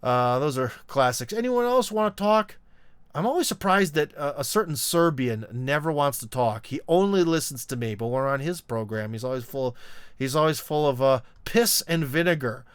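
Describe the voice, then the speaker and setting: A man's voice: mid-range voice, lively intonation, normal speed, clear, resonant tone, dry recording. A man hosting a live call-in stream, talking casually. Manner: rambling, many fillers, laughs mid-sentence. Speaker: show host taking callers.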